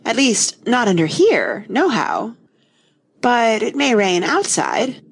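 Woman doing a cranky little twin guy, storybook voice, up high and swinging all over. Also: big pitch swings, takes it slowly, gravelly, slightly rough, full character voice. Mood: contemptuous. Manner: fussy and easily enraged. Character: fat boyish quarrelsome twin brother. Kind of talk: audiobook character voice.

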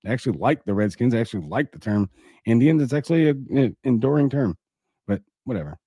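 A man's voice: mid-range voice, lively intonation, fast, dark tone, husky, no room sound. A man hosting a commentary podcast, reading an article aloud and breaking off into sarcastic, indignant asides. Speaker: podcast host.

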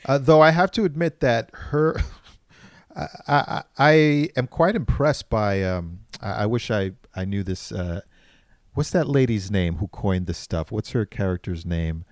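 A man's voice: fairly low pitch, measured pace, dry recording, clean studio sound. A man chatting casually about a movie, hesitant at times and acting out characters' lines. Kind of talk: casual movie review chat.

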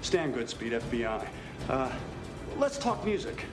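An actor playing a nervous, chatty male federal agent who talks in fast, fidgety, awkward bursts in a film clip. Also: medium pitch, sing-song, roomy sound. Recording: film audio clip with score. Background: music.

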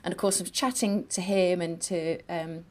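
A woman's voice: fairly low pitch, normal speed. Chatty northern English woman. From northern England. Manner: chatty, laughs often, animated storytelling. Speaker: guest actress. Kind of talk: casual interview anecdotes.

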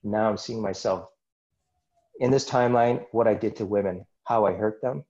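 A man's voice: on the low side, normal speed, darkish tone, dull audio. A man, a podcast guest, earnestly telling a personal story in conversation and acting out his own inner dialogue.

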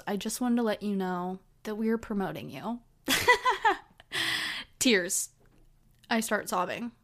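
A woman in her twenties hosting her own podcast, telling stories in a chatty, casual way with lots of fillers. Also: medium pitch. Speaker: podcast host. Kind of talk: casual solo chat.

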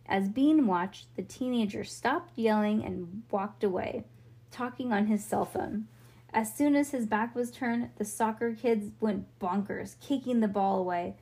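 Woman reading a kids' book aloud, casual, with slips; fairly high, mellow voice. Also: unhurried. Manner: casual, with slips and self-corrections. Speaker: storybook reader.

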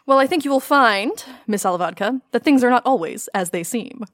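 A woman's voice: a little high, expressive, a little fast, fairly bright tone, no echo, studio quality. A woman playing a formal federal detective questioning suspects in a tabletop murder mystery game. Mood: stern. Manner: formal, official address.

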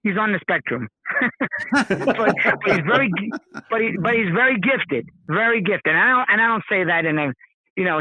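High-voiced middle-aged man on a tinny phone line. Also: dry recording. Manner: animated, repeats phrases, mimics others' voices. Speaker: podcast guest. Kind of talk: casual storytelling. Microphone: phone call.

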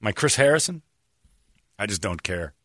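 A man's voice: normal speed, no room sound, studio quality. A man hosting a radio show, chatting and joking with a laugh and slipping into mocking quoted voices. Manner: animated, laughing, jumps into mocking high-pitched quoted voices. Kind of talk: casual comedic talk radio banter.

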